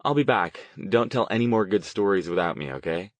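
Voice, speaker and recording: A man's voice: fairly low pitch, animated, brisk, no echo, close to an everyday voice. Brief: cheeky twenty-something apprentice girl, bouncy and lilting, a male narrator lifting his voice. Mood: teasing. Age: 20s. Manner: playful, teasing. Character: young woman apprentice, cheeky and teasing.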